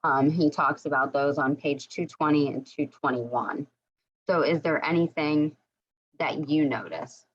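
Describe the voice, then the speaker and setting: A woman with a very low voice leads a casual book club discussion over a video call. She encourages the others and asks questions. The audio is dull and lo-fi. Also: unhurried, breathy edge.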